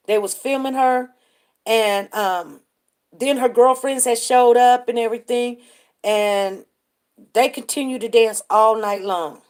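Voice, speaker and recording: A woman hosts a live stream with a slightly high voice, telling a story in a loose, chatty way. She talks at a very unhurried pace and keeps stopping to greet viewers by name before picking the story back up. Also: darkish tone. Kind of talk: casual storytelling commentary.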